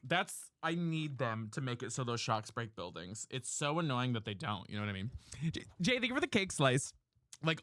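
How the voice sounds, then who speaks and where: A man's voice: fairly high pitch, sharp tone, dry recording, clean studio sound. A man streaming a game live, chatting with viewers and swearing, a little tired after hours on air. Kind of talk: live gameplay commentary and chat.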